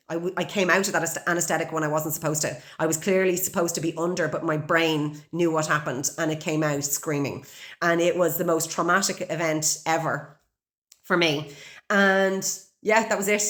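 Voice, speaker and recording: A woman's voice: low-pitched, fairly bright tone. An Irish woman in her forties, hosting a podcast and telling a raw personal story bluntly, with heavy swearing and open emotion. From Ireland. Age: 40s. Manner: blunt and heavily profane. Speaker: podcast host.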